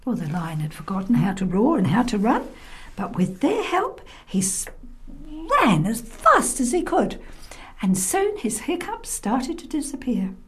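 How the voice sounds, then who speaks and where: A woman storyteller narrating a children's tale, expressive and often dropping to a soft whisper. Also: fairly high pitch, a little slow. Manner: softly whispered in places, expressive.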